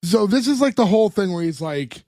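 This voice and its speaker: A man's voice: sits high, very animated, brisk, warm tone. A man co-hosting a podcast, recapping a TV episode in casual chat and laughing as he retells scenes. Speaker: podcast co-host.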